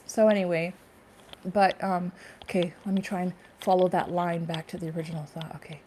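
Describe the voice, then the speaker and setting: Mellow-voiced woman rambling in a vlog. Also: fairly low pitch, flat delivery, normal speed, a little hiss or hum. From Canada. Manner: rambling, laughing to herself, many fillers. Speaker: spiritual YouTuber. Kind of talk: casual spiritual vlog monologue.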